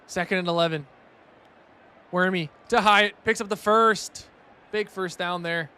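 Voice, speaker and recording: A young man giving casual play-by-play commentary on a video game match, excitable on big plays and chatting with his stream viewers. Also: high voice, a little slow, smooth. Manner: excitable, rising loud on big plays, chatty asides to chat.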